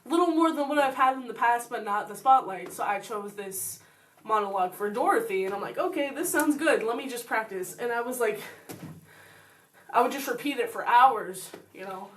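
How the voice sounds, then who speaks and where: A woman's voice: on the high side, moderate pace, far from the mic, slight background noise, poor audio. A young woman co-hosting a podcast, telling a story in a chatty way, often acting out what she said, with lots of "like" and "um". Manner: chatty, quotes herself often, many fillers. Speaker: podcast co-host. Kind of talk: casual chat.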